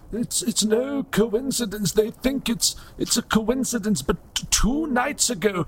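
A man's voice: high voice, pitched above the performer's own voice. A man voicing an old, broken robot priest who pleads to be believed. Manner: pleading, trembling.

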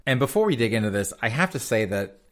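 A man's voice: medium pitch, very animated, fast talker. A man hosting a podcast, reading odd crime stories aloud and mocking them in a folksy, sarcastic way, laughing often. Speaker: podcast host. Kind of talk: comedic news commentary.

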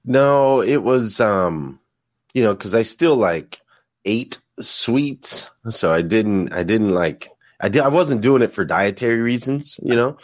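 Man, low voice, earnest, reflective, podcast guest, repeats himself while thinking. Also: expressive, takes it slowly, no echo, studio quality. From United States. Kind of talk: casual conversation.

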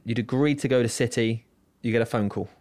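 A man's voice: mid-range voice, steady tone, fast talker, darkish tone, no room sound. A man co-hosting a podcast, prompting his guest with short recaps and questions. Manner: prompting, recaps and steers the story. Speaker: podcast co-host. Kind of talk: interviewer questions.

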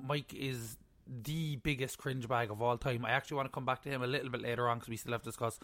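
Podcast co-host, man, joking and opinionated, dry close sound, mid pitch. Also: fairly even intonation, fast, fairly bright tone, dry recording. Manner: joking, opinionated, swears casually. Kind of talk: casual chat about a reality show.

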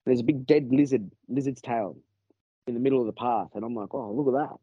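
A man's voice: medium pitch, brisk, warm tone, husky, no room sound, muffled recording. A man with an Australian accent telling a story in a casual podcast chat, rambling and swearing with many restarts.

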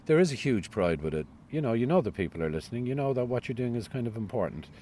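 A man's voice: mid-range voice, sing-song, quick pace, warm tone, slight background noise. A middle-aged man with a Cork Irish accent, a radio newsreader chatting as an interview guest, self-deprecating and full of stories. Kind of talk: casual interview chat.

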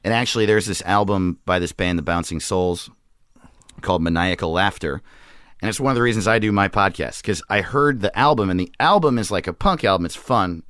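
A man's voice: deep voice, fairly quick, fairly bright tone, no echo, studio quality. A young man, a comedian, chatting casually on a podcast, laughing often and acting out quotes. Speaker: comedian guest. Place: garage studio.

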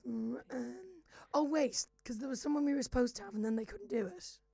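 A woman co-hosting a podcast in casual chat, with a voice hoarse from screaming at karaoke the night before. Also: fairly high pitch, a little fast. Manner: animated, self-deprecating, jumps between whispering and loud exclamations. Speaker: podcast co-host.

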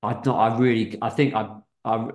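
A man's voice: medium pitch, steady tone, normal speed, echoey room. A man hosting a comedy podcast, reading stories aloud in a hesitant, stumbling, giggly way.

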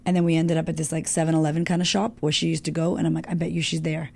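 Middle-aged woman guest, low-pitched gravelly voice, candid and swearing, emotional storytelling. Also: flat delivery, very fast, darkish tone. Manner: frank and emotional, swears freely.

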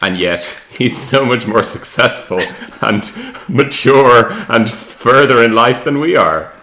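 A man's voice: medium pitch, lively intonation, slow, sharp tone, slight background noise. A man co-hosting a podcast, teasing the others in casual chat. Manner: teasing, cheeky. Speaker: podcast co-host.

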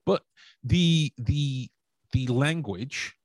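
A man's voice: mid-range voice, very slow, no echo. A young man with a Stoke-on-Trent accent, chatting casually as a podcast host, rambling with many fillers and restarts. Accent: Stoke-on-Trent English. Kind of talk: casual chat.

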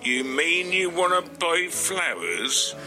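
An actor playing a slow, simple-minded garden centre worker in a radio sitcom, speaking with broken grammar. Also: male voice, fairly high pitch, very animated, bright, forceful tone, faint music behind, exaggerated voice. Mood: slow-witted. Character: dim-witted rustic male garden centre worker.

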